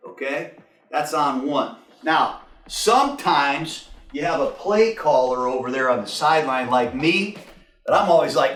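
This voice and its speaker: A man in his sixties coaching quarterbacks in a film room, animated and profane, shouting out snap counts and cadences. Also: on the high side, unhurried, far from the mic. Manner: profane, drill-sergeant bark. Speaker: football coach. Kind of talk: coaching session. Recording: echoey room, mic from afar, faint music.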